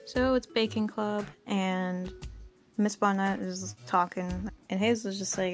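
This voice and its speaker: A young woman reads her old teenage story aloud and mocks it with sarcastic, giggly asides. Her voice sits at a middling pitch. Faint music plays underneath. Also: steady tone, unhurried. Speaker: vlogger.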